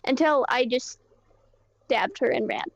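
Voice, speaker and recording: A woman playing a shaken young player character, telling her story in a rambling, halting way full of fillers and swearing. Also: high voice, gravelly, no room sound, exaggerated voice. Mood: agitated. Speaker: roleplay character recounting events. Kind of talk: casual in-character roleplay storytelling. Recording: dull lo-fi mic.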